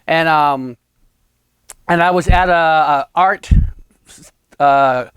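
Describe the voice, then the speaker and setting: A photographer hosting a casual chat, speaking with a New England accent and laughing often. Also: male voice, on the high side, takes it slowly, fairly bright tone, clear, resonant tone, no echo, studio quality. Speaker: host, photographer.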